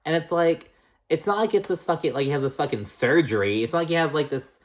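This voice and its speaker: A man giving a casual recap of a reality TV episode. He talks loosely and swears a lot, fills his sentences with "like", and jumps between high and low pitch when he reacts. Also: quick pace. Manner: chatty and profane, heavy use of "like".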